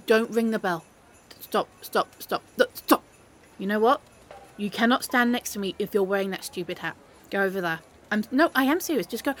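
A woman's voice: on the high side, a little hiss or hum, lightly acted. A woman in an audio role-play, playing a grumpy, sarcastic young woman who hates Christmas and talks in an exasperated, mocking, dramatic way.

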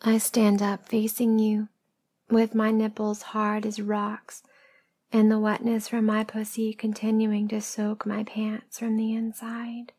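Breathy woman in slow whispered role-play. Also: medium pitch, monotone. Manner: slow, hushed first-person storytelling. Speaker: erotic audio narrator.

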